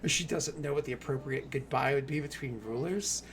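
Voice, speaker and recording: A man running a tabletop game in a casual, animated way, laughing often and using many fillers. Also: mid-range voice, brisk, a little hiss or hum. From New England. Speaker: game master.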